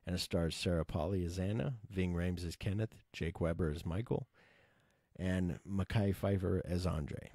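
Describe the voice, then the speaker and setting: Deep, dark-voiced man rambling about movies. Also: normal speed, dry recording, studio quality. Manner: rambling, sweary, enthusiastic, with many fillers. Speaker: movie podcast host. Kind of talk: casual movie chat.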